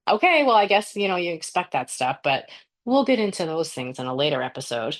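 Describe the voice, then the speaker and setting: A woman's voice: on the low side, sing-song, brisk. A woman in her forties co-hosting a podcast in casual chat, laughing often and speaking bluntly with plenty of swearing. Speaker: podcast co-host.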